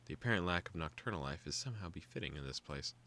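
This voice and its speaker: A young man hosting a gaming video, calmly reading a visual novel aloud with joking asides. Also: low-pitched, fast talker, slight background noise.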